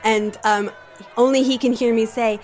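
A woman's voice: on the high side, fairly even intonation, moderate pace, darkish tone, soft background music. A woman playing a tabletop game, describing her moves hesitantly with many fillers. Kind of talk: casual game play.

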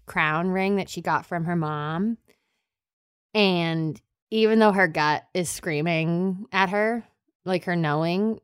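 A woman playing a character in an improvised tabletop game, expressive and quick to laugh. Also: on the low side, clear, resonant tone, no echo, studio quality. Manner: expressive, exasperated, laughs often. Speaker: player. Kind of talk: improvised tabletop role-play.

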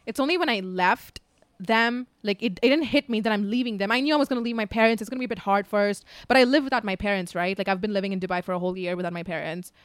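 A woman's voice: medium pitch, fast talker, clean tone, no room sound. A woman in her twenties chatting candidly on a podcast, full of likes and asides. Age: 20s. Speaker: podcast co-host. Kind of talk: casual chat.

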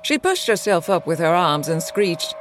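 A woman narrating a horror story in a measured, dramatic storytelling voice. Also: lowish voice, big pitch swings, music in the background. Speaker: guest narrator.

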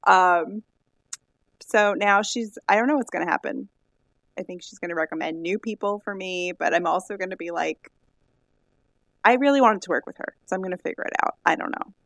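A woman co-hosting a chat podcast with a lowish, gravelly voice full of vocal fry. She talks in a rambling, halting way, circling back on herself with fillers. The sound is dry and close, with no room around it. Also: a bit bright, no echo. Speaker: podcast co-host. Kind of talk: casual chat.

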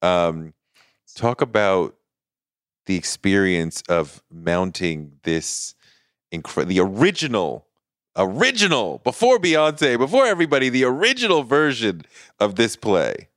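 A middle-aged man hosting an interview podcast, asking questions in an enthusiastic, animated way. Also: fairly low pitch, unhurried, dry recording, clean studio sound. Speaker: podcast host. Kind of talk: casual interview.

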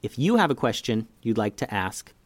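A man hosting a children's story podcast, narrating with an animated, expressive reading on a close mic. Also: medium pitch, moderate pace, no echo.

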